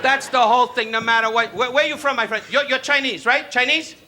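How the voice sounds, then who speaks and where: A man doing a brash insult stand-up routine, teasing and shouting at people in the live audience. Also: very high voice, steady tone, fairly quick. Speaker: stand-up comedian. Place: stage before a live audience. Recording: noisy live recording with loud crowd.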